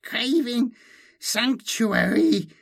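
A hissing female alien hybrid, as a man puts her on, speaking in broken, clipped phrases. The voice is pitched far up and sounds strained and thin, with an inhuman, twisted edge, as in a dark sci-fi audiobook. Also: animated, very slow, creaky, exaggerated voice. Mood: pleading. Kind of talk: audiobook character voice.

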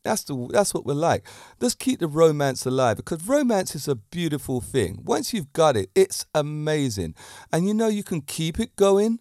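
A man hosting his own podcast, a fitness teacher talking about romance in a lively, preachy way with many rhetorical questions into a handheld mic. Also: on the high side, moderate pace, no room sound, studio quality. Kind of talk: solo podcast talk on romance.

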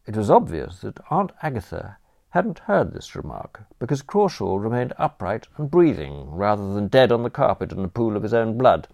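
A man narrating a comic audiobook in first person, his low voice swooping through a wide, lively range. The delivery is wry and animated throughout. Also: moderate pace, creaky.

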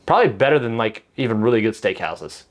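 A young man, a social media creator, talking casually on a podcast in a relaxed, filler-heavy way and laughing easily. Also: lowish voice, fast talker.

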